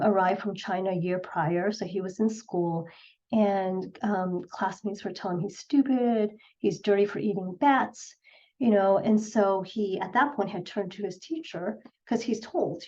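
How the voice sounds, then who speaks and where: A woman's voice: medium pitch, moderate pace, mellow, a little hiss or hum. A middle-aged woman, a clinical psychologist, giving an earnest presentation and telling patient stories with quoted voices. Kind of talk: presentation talk. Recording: slightly dull lo-fi sound.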